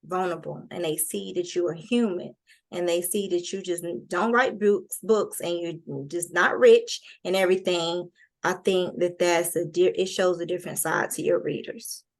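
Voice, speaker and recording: A woman hosting a casual interview, talking in quick animated bursts with colloquial speech. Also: on the low side. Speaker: interview host.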